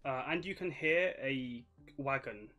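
A man's voice: medium pitch, animated, unhurried, pushed and bright. Laid-back male game master, improvising scene narration with loose hesitations.

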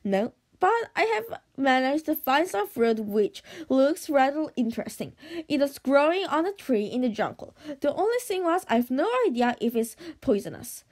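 A woman's voice: high voice, sing-song, moderate pace, darkish tone. A woman reading the part of a mild, patient middle-aged husband stranded as a castaway, sounding reasonable and a little wounded. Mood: mild, plaintive.

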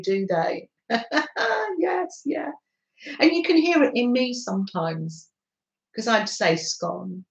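A middle-aged woman hosting a craft live stream, chatting gently with viewers and laughing often. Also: mid-range voice, creaky, low-quality recording. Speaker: craft livestream host. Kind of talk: casual live-stream chat.

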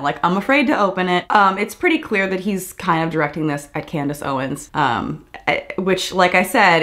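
A woman in her thirties giving casual reaction commentary on a video clip, animated and sarcastic, with exasperated asides. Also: on the low side. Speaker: commentary vlogger.

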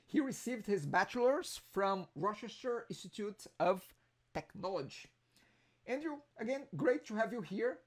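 A man's voice: sits high, animated, moderate pace. A man with a non-native English accent hosting a user group meeting, talking casually with jokes and many restarts, heard over a video call. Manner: chatty, joking, with many restarts.

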